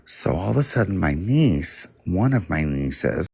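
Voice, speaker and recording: A man's voice: sits low, very animated, unhurried, creaky, darkish tone, breathy edge, no echo. A man telling a personal story on a livestream in a blunt, profane, casual way.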